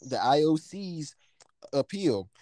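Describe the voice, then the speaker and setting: A man's voice: a little high, sing-song, slow, warm tone, no echo. A man doing a mock formal TV news reporter voice, stiff announcer cadence, stumbling over acronyms.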